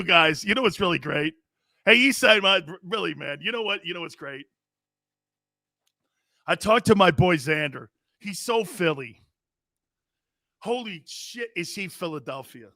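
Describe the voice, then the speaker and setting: A middle-aged man hosts a sports talk show, shouting and teasing his viewers as he reads their comments. His voice sits high and swings widely, with a gravelly, bright edge. The sound is dry and close. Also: dry recording. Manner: loud, hollering, laughing, teasing viewers. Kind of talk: live sports talk reading chat comments.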